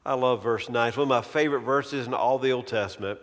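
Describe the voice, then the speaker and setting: A man preaching a sermon in a slow, measured way, letting phrase ends fall away softly. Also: mid-range voice. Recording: long reverb of a large hall.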